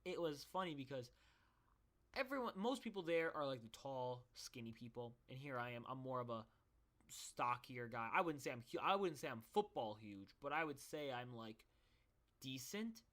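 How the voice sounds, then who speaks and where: A man's voice: medium pitch, lively intonation, moderate pace, a bit bright. A young man telling stories in a casual, rambling monologue, joking at his own expense. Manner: rambling, self-deprecating joking. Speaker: vlogger.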